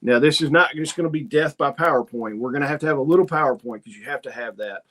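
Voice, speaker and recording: A man with an ordinary, mid-pitched voice chats loosely on a homesteading livestream. He rambles through folksy stories, acting out what other people said. He reads viewer comments aloud between them. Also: fast talker, fairly bright tone. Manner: rambling, folksy storytelling with quoted asides. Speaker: homesteading channel host. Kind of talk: casual livestream chat reading comments.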